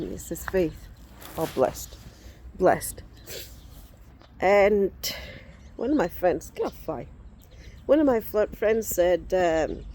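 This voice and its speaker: A woman in her forties chats outdoors in an unhurried, rambling way, stopping now and then to wave off insects. Her voice is warm and soft-edged, and birds and faint outdoor ambience sit behind her. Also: fairly low pitch, a little hiss or hum. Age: 40s. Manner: rambling, chatty, breaks off to shoo insects. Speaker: vlogger showing reborn dolls. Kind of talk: casual chat. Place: outdoors in the sun.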